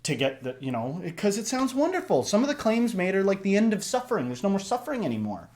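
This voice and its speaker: Animated man, casual reaction chat. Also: fast talker. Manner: animated, shifts pitch and loudness a lot, acts out voices. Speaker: reaction video host. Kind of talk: casual podcast discussion.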